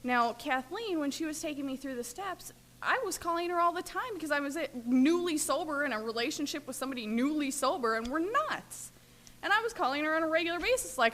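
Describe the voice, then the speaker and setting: A woman's voice: high-pitched, animated, a little fast, fairly bright tone. A woman from Minnesota speaking at a recovery workshop, telling stories in a chatty way full of fillers. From Minnesota, USA. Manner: chatty storyteller, many fillers. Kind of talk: recovery talk, personal sharing.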